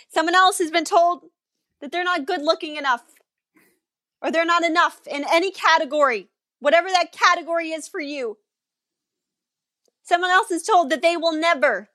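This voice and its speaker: Fervent high-voiced woman preaching. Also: fairly bright tone, no room sound, studio quality. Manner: fervent, repetitive declarations. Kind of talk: prayer and prophetic preaching.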